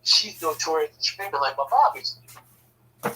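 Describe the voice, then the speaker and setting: Animated man telling family stories. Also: a little high, normal speed, slight background noise, low-quality recording. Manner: animated, swears freely, acts out family voices. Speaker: storyteller. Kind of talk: casual storytelling.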